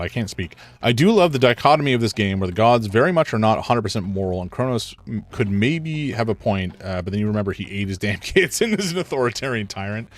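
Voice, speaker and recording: A man streaming a video game, chatting and joking as he thinks out loud about his choices. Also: lowish voice, animated, a little fast, hardly any pauses. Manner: chatty, joking, thinks aloud while playing. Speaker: gaming streamer. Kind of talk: casual live gameplay commentary.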